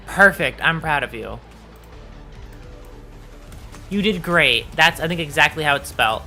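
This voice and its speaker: A male streamer with a bright, forceful voice that sits a little high for a man. He chats and teases his chat in a playful, loose way and swears offhandedly. Faint game music plays underneath. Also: lively intonation, fairly quick. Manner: playful, teasing, swears casually. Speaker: VTuber streamer. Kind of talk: casual live-stream chat.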